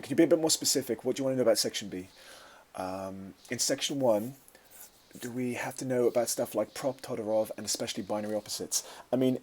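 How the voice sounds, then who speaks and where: Male teacher, lowish voice, relaxed live-stream Q&A, lots of ums. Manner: conversational, answers viewer questions with many fillers. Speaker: media studies teacher.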